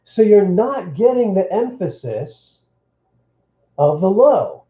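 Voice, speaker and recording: A man's voice: sits high, big pitch swings, slow pace, roomy sound, lo-fi sound. A man teaching Hebrew grammar to a live stream, explaining step by step and checking in with his listeners. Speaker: Bible teacher.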